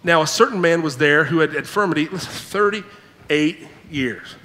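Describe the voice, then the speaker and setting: Animated high-voiced male preacher in a hall. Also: a little slow. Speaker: pastor. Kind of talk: sermon. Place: church sanctuary.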